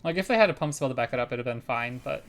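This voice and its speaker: A man's voice: mid-range voice, lively intonation, rapid-fire, a bit bright. A man streaming a card game, chatting casually and thinking aloud about his plays and giving frank opinions into a desk microphone at home. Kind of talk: casual gameplay commentary.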